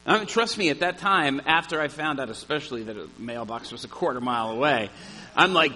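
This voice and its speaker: A man preaching a sermon, telling a story with animated energy. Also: a little high, fairly quick, low-quality recording. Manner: animated storyteller, shouts at the climax.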